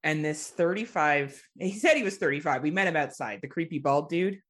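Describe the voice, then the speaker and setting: A woman co-hosts a casual podcast, and her voice swoops up and down as she tells stories. Her tone is bright and clear. She laughs often and swears without a second thought. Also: sits low, fairly quick. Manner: animated, laughing storyteller who swears freely. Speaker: podcast co-host.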